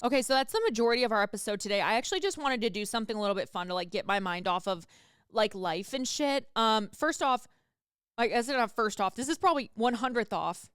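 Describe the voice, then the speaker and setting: A woman's voice: fairly high pitch, lively intonation, fast, fairly bright tone, clean tone, dry recording, clean studio sound. A woman hosting a podcast, chatting casually and candidly and swearing freely. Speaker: podcast host. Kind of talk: casual chat.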